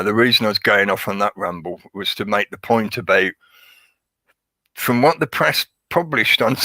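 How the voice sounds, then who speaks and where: Chatty sarcastic man, bright voice. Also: medium pitch, dry recording. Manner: chatty, sarcastic, laughs often. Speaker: live stream host. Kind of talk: casual rambling commentary.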